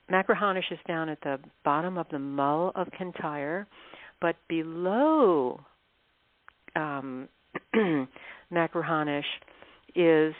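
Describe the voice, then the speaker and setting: A woman, a guest author, telling travel stories in a chatty interview, often laughing and clearing her throat. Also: deep voice, no room sound. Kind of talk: casual interview storytelling. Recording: dry tinny phone line.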